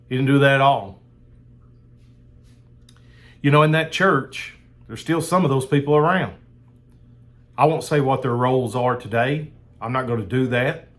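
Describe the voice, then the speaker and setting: A man's voice: mid-range voice, animated, unhurried, pauses often. A man preaching a sermon in a fired-up, emphatic way, repeating phrases for emphasis.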